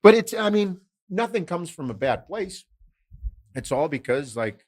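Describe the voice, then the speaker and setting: A middle-aged man hosting a podcast in casual, animated chat, swearing freely and telling stories. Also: on the high side, a little slow. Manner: animated, swearing, storytelling with quoted voices. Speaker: podcast host.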